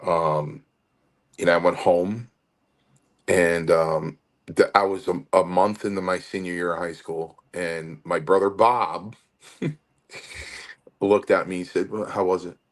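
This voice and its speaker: Low-voiced man, fifties, from Connecticut, rambling interview storyteller. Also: takes it slowly, pauses often. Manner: rambling, animated storytelling with restarts. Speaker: guest wrestler.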